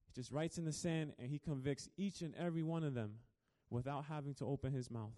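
A man preaching a sermon as a pastor, telling the story dramatically and swinging between hushed and loud. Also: fairly high pitch, moderate pace.

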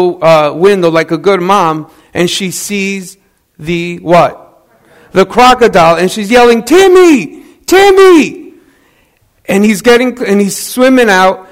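Guy preaching w a pretty high voice, chatty storyteller, keeps asking the church questions and fixing his words. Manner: conversational storytelling, asks the congregation questions; self-corrects mid-sentence. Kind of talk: sermon.

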